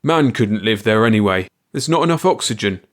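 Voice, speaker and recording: A man's voice: fairly low pitch, animated, fairly quick, natural voice. A man voicing a bored male office chief who answers in a dismissive drawl.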